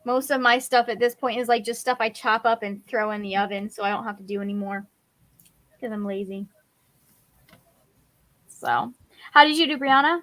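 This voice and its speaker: High bright-voiced young woman hosting. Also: moderate pace, pauses often, no room sound. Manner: chatty, self-deprecating, uses lots of "like". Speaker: host. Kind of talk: casual chat on a group call.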